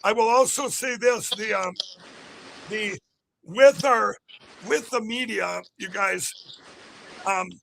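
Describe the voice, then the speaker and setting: A political candidate giving an emphatic, repetitive rally-style interview on a podcast. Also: male voice, sits high, takes it slowly, gravelly, long pauses, a bit bright, a little hiss or hum.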